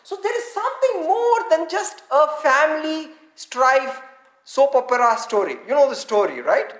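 A woman's voice: sits high, animated, moderate pace. A woman preaching a sermon, reading scripture aloud and having the congregation repeat words back to her. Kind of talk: interactive sermon, teaching with call-and-response. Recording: echoey room.

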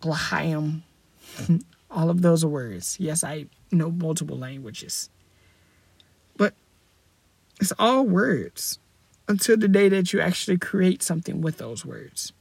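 On his casual solo podcast, the young host talks slowly in an expressive voice on the high side, creaky and slightly rough, with long pauses on a dry recording. He's upbeat and meandering, often self-correcting and asking rhetorical questions.

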